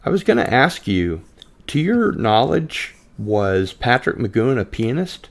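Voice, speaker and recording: A man's voice: medium pitch, unhurried. A man hosting a casual podcast chat, hesitant with many ums, reading out viewer comments. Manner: relaxed, reads out viewer comments. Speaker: podcast host.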